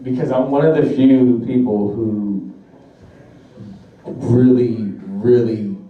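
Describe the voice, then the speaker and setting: A man's voice: mid-range voice, steady tone, takes it slowly, phone-quality sound. A young man performing a profane, laughing stand-up comedy routine. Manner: brash, profane, laughing through jokes. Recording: echoey room from far off.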